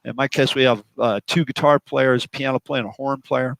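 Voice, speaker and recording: A drum teacher talking through a song chart in a relaxed roundtable, counting beats aloud as he demonstrates grooves. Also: medium pitch, brisk, vocal fry, no echo, rough recording.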